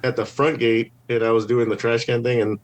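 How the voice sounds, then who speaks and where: 熱っぽく語る男性ゲスト. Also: male voice, mid-range voice, fairly quick. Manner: rambling, animated, heavy use of "like". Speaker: podcast guest, scare actor. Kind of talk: casual storytelling.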